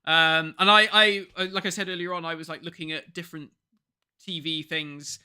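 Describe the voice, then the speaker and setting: A man's voice: fairly high pitch, moderate pace, smooth. A man in his thirties from England, co-hosting a casual podcast chat and telling stories, acting out the people he quotes. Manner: animated storyteller, acts out quoted people. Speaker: podcast co-host.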